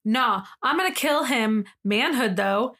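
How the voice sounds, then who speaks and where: A woman's voice: on the high side, animated, measured pace, a bit bright, full character voice. A woman voicing a menacing, blunt man in a podcast story, giving curt commands in close to her own voice.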